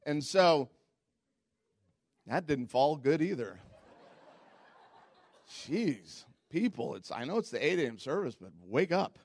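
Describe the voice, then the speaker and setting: A man preaching a sermon as pastor, telling stories in a candid, self-mocking way and jumping into high squeaky voices when quoting people. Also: takes it slowly, pauses often. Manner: animated storytelling, jumps into high squeaky voices for quotes.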